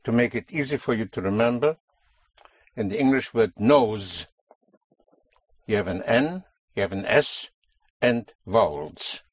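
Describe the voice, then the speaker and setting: A man's voice: lowish voice, lively intonation, unhurried, long pauses, breathy edge, dry recording. A man teaching a language lesson, explaining a stress rule patiently and stressing key words.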